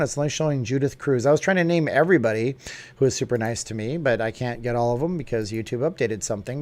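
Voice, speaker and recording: A man's voice: mid-range voice, darkish tone. A middle-aged American man hosting a casual live stream from a studio, chatty and upbeat as he answers viewers.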